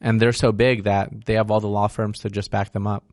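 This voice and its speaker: A man's voice: fairly low pitch, flat delivery, brisk, a little mellow, no room sound, clean studio sound. A man speaking as a real estate investor guest in a casual interview, frank and explanatory, often tagging "right?" onto his points.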